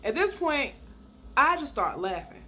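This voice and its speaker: A woman telling a personal story in a casual, animated way, laughing as she goes and jumping high when she acts out quoted lines. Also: measured pace. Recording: faint background noise.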